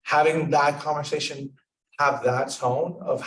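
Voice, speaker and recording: A man's voice: medium pitch, moderate pace, gravelly. A young man leading a casual club discussion, rambling with lots of fillers and acting out example lines. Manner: rambling, filler-heavy, acts out example dialogue. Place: club meeting room. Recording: echoey room, mic far off.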